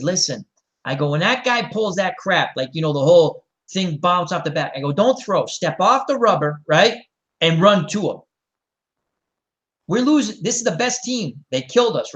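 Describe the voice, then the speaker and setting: Middle-aged male host, casual chat, rambling storyteller, slightly higher voice. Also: moderate pace, poor audio. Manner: rambling, animated storyteller acting out quotes. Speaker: show host.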